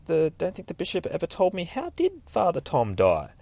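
A man's voice: fairly high pitch, wildly swooping pitch, moderate pace, creaky, dark tone, slightly rough, no room sound, pitched above the performer's own voice, exaggerated voice. A man voicing a polite, weary young priest newly arrived in a small town. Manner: polite, restrained.

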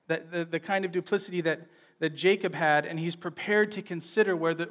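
Speaking at a fairly high pitch, this man teaches a sermon on Scripture as if chatting with listeners. He often asks "right?" and brings the biblical scenes to life in casual, vivid speech.

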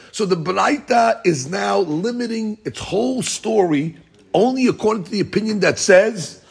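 Gravelly husky male Talmud teacher. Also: fairly high pitch, fairly bright tone. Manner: emphatic, repeats and restates points. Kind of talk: explaining a text to students.

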